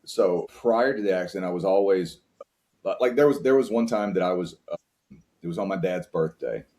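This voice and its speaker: A very deep-voiced man speaks as a podcast guest, earnest and open as he reflects on fatherhood. His talk is warm in content but plain, full of restarts as he searches for words. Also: moderate pace. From United States. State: tearing up at times.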